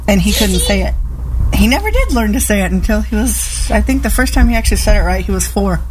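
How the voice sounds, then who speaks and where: A woman's voice: mid-range voice, animated, fast talker, background noise. Woman telling a plain family anecdote. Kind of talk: casual radio chat.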